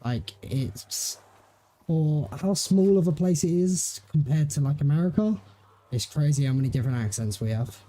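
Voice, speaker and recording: Dark-voiced chatty English man. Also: fairly high pitch, expressive, normal speed. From England. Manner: rambling, chatty, laughs often. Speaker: streamer. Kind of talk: casual chat during a game stream.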